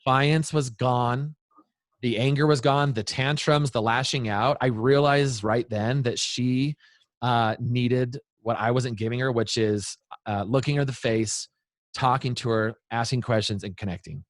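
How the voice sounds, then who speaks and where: A man in his thirties or forties, an interview guest giving parenting advice in an earnest, animated way. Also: mid-range voice, a little slow, dry recording, studio quality. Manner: earnest, animated, acts out quoted voices. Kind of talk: interview storytelling.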